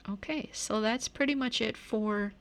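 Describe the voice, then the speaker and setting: A woman giving a recorded grammar lecture, calmly explaining step by step. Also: on the high side, a little slow. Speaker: teacher. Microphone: camera.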